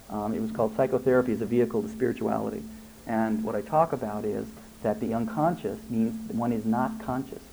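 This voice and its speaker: A man, a family therapist giving an animated workshop talk to parents and answering their questions. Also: mid-range voice, poor audio. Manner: animated, acts out parent and child dialogue.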